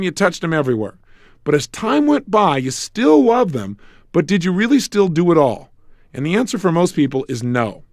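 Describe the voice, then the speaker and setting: A man's voice: fairly high pitch, a little mellow, no room sound, studio quality. A middle-aged man giving a motivational self-help lecture, emphatic, asking rhetorical questions and acting out bits of dialogue.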